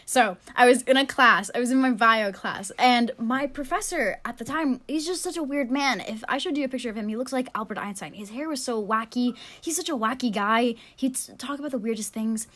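A young woman who is a university student, co-hosting a casual podcast, chatty and self-deprecating and quick to laugh. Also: a little high, fairly bright tone. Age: young adult. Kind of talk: casual chat.

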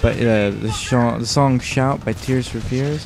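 Tired, rambling gameplay host. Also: male voice, mid-range voice, steady tone, normal speed, vocal fry, few pauses, a little mellow, soft background music. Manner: rambling, joking, swears. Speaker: let's play host. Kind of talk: casual gameplay commentary.

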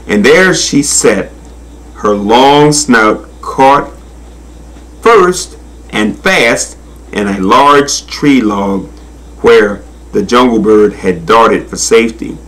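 A man reading children's animal stories aloud in an expressive voice. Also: lowish voice, extremely slow. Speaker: storyteller.

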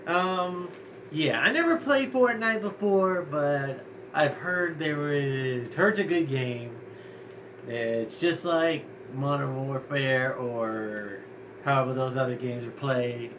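A man hosting a reaction video, talking casually in a halting way with many ums and apologies. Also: mid-range voice, noisy background.

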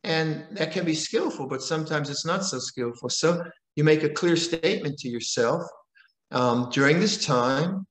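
An older man, a meditation teacher, gives a calm, conversational dharma talk with frequent repetitions and rhetorical questions. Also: on the high side, normal speed. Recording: roomy echo.

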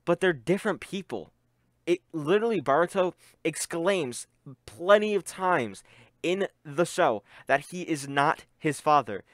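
A man's voice: a little high, unhurried, no room sound. Young guy with a muffled voice, rambly anime reaction, dry close sound. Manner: excitable, rambling with many "like" fillers. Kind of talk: casual reaction commentary.

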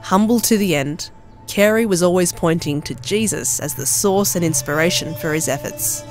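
A man with a notably high voice reads documentary narration in a measured, earnest tone. Faint music plays softly behind him.

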